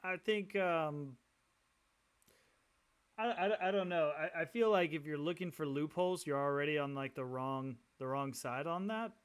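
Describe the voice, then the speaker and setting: A man's voice: fairly high pitch, normal speed, clean tone. A man co-hosting a podcast in casual chat, telling rambling stories and acting out the voices in them. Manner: rambling storyteller, acts out quoted voices, laughs often. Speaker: podcast co-host.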